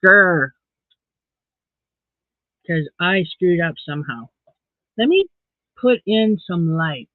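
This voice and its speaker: A man's voice: high-pitched, lively intonation, takes it slowly, long pauses, no room sound. A man chatting casually on a live stream as he crochets, counting his stitches aloud under his breath and greeting viewers by name. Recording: dry, tinny phone-like sound.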